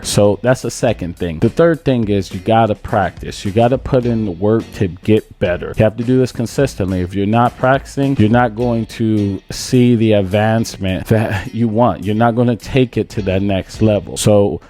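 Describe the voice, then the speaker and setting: A man with a low, mellow voice coaches baseball hitters. He speaks emphatically and drives his points home by repeating them, over faint background music. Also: normal speed, hardly any pauses. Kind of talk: instructional talk to camera.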